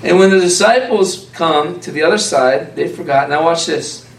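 A man's voice: a little high, moderate pace. Echoey, distant male preacher. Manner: animated, conversational preaching with rhetorical questions. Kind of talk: sermon. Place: church hall with a congregation. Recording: echoey room, speaker far from mic, faint background noise.

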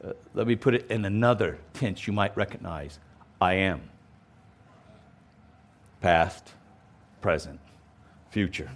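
A man's voice: low-pitched, slow, pauses often. A male pastor giving a verse-by-verse Bible teaching sermon, emphatic and explanatory, with casual asides and frequent restarts. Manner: animated, emphatic, explains and repeats points.

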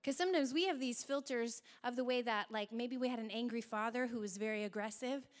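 A young adult woman preaching a sermon in an animated way, acting out quoted voices as she goes. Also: fairly high pitch, fairly quick.

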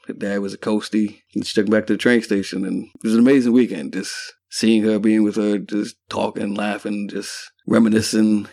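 A man's voice: lowish voice, gravelly, a little mellow, no room sound, clean studio sound. A man hosting a podcast, telling a personal story in a candid, profane, conversational way. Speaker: podcast host.

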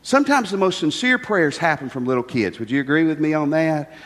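A man's voice: on the high side, expressive, a little fast, a bit bright. An older man preaching a folksy, conversational sermon, full of rhetorical questions to the congregation. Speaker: pastor. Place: church sanctuary. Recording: long reverb of a church hall.

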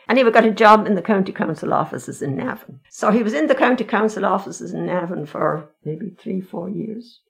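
An older woman from Ireland, being interviewed, reminisces about her family history with frank, wry, conversational storytelling. Her pitch is fairly low and her voice creaky.

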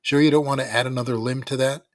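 A man's voice: mid-range voice, steady tone, fast talker, dry recording, clean studio sound, pitched above the performer's own voice, lightly acted. A man doing an indignant angry boy. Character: angry, hot-tempered young boy.

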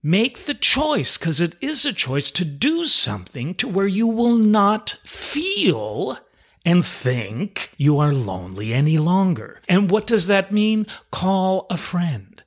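Husky-voiced male motivational host. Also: sits high, huge pitch swings, slow, fairly bright tone. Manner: earnest, emphatic coaching. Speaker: podcast host. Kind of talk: motivational talk.

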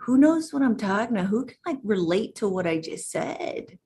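A woman hypnotherapist in casual talk to her viewers, chatty and emphatic, pausing now and then to gather her thoughts. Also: mid-range voice, very animated, mellow, breathy edge. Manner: chatty and emphatic, addresses listeners directly. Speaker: channeling hypnotherapist.

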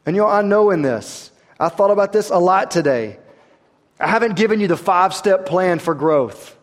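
A man, preaching a sermon that swings between quiet, intense stretches and rising emphasis. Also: sits high, animated, normal speed, in a large hall. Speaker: pastor.

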